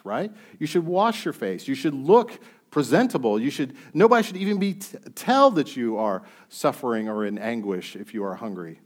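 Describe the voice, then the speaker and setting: A man's voice: medium pitch, big pitch swings, normal speed. A man preaching a sermon. He reads scripture aloud and puts questions to his listeners in a conversational way.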